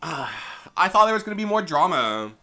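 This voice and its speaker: A young man doing casual commentary on a game he is playing. He rambles from one tangent to another, with a bright voice that sits a little high. He laughs easily and slips into offhand character voices as he reads. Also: very animated, a little fast. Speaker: let's play streamer. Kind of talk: casual gameplay commentary, reading game dialogue aloud.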